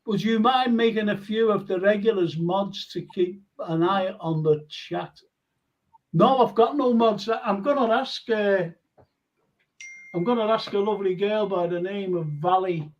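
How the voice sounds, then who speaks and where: A man's voice: high voice, a little slow, long pauses, darkish tone. An older man hosting a live fan show, telling stories and laughing as he chats. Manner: chatty storyteller, laughs often. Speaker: host. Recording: dull lo-fi stream audio.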